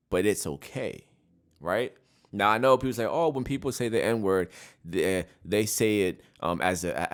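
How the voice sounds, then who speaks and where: A man hosting a casual solo podcast, talking through his opinions and often checking in with "right?". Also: on the low side. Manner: opinionated, repeats "right?" often, frequent restarts. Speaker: podcast host.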